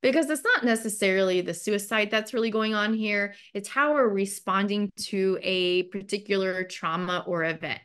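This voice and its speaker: A woman's voice: medium pitch, normal speed, hardly any pauses, fairly bright tone, clean tone. A woman mental health counselor giving a training webinar in a loose, conversational way, with lots of "like" and "you know" fillers.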